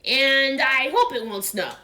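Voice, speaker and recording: A woman's voice: sits high, unhurried, sharp tone, pitched above the performer's own voice. A woman voicing a fussy, self-important rabbit who talks in a prim, sternly polite way. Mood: cheerful.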